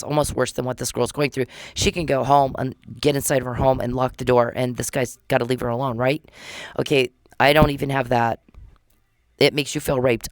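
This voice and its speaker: A woman's voice: very deep voice, clear, resonant tone, no room sound. A woman from Texas hosting a solo podcast, talking in an agitated, repetitive rant. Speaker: podcast host.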